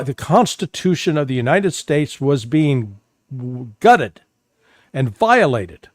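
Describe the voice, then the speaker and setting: A man's voice: fairly high pitch, a little mellow, no echo. Emphatic man, dry close sound. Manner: emphatic, repeats words when starting. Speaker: guest analyst. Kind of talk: political interview commentary.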